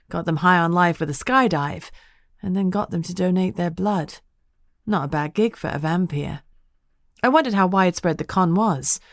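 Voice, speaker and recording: A woman with a fairly low voice reads a first-person audiobook. Her delivery is steady and measured, with a dry wit. The recording is close and dry, with no room sound. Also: no room sound. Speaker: audiobook narrator.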